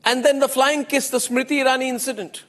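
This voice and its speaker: A man's voice: very high-pitched, level tone, fast talker, fairly bright tone, in a large hall. A man with an Indian English accent, delivering an opinionated TV news monologue as anchor, emphatic and repeating phrases for effect.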